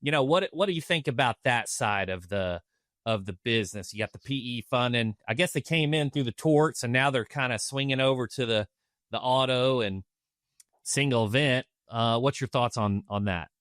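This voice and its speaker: A man's voice: medium pitch, normal speed, a bit bright, no echo, studio quality. A man hosting a podcast interview, asking questions in a casual, upbeat way. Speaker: podcast host.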